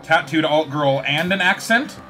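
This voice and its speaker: A young man narrating his gameplay in an excited, casual way, joking and swearing, with game music playing behind him. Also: fairly high pitch, moderate pace. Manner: hyped, swears a lot, jokes at the game. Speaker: gaming video creator. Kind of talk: excited let's-play commentary. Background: game music and sound effects.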